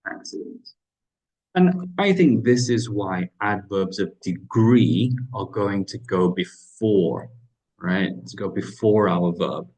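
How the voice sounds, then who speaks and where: Slow, patient male English teacher. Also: fairly low pitch, darkish tone, poor audio. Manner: patient, explains step by step, checks in with "right?". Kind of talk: grammar lesson walkthrough.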